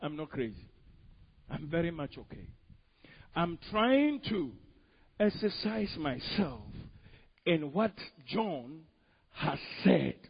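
A man preaching a sermon, moving between hushed pleading and loud, emphatic bursts. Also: a little high, very animated, takes it slowly, vocal fry, long pauses, husky, dull audio.

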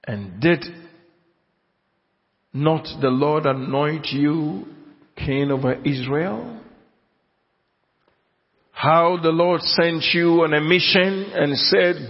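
A man preaching a sermon, emphatic, repeating key phrases slowly and asking the congregation if they are listening. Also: on the high side, lively intonation, creaky. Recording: dull audio in a long-reverb hall.

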